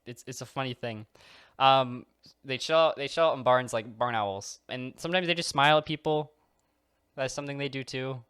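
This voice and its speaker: A man rambles through a comedic countdown for his channel. He keeps restarting his sentences, swears casually and drops into quick acted-out scenes. His voice is smooth and clean, and it sits at an ordinary middle pitch. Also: a bit bright, no room sound, studio quality. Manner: acts out little scenes in quoted voices. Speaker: video creator and streamer.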